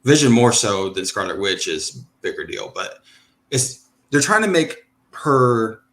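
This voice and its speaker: A man hosting a podcast, chatting casually and giving animated opinions. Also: on the low side, measured pace. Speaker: podcast host. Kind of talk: casual chat.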